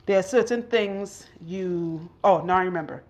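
A loctician vlogger chats casually with her viewers while working on a client's hair in a home hair salon, sometimes getting a little out of breath. Her voice sits on the low side and moves at a moderate pace, with noise in the background.

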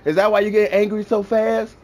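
A man's voice: high-pitched, flat delivery, fairly quick, a little mellow. A young man gaming and trash-talking an opponent over voice chat, taunting and mocking, repeating his insults over and over. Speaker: gamer.

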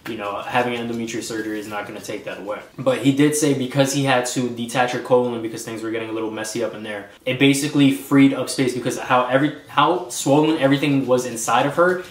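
A man chatting on a couple's vlog at a middle pitch. He talks earnestly and rambles, moved by what he shares, and the room echoes around him. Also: steady tone, quick pace, hardly any pauses. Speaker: vlog co-host. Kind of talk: casual couple vlog chat.

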